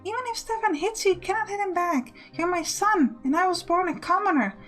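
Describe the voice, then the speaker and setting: A woman's voice: very high voice, fairly quick, fairly bright tone, soft background music, pitched above the performer's own voice. A woman voicing a stern but caring commoner mother who lectures her son. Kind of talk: game text read aloud in character.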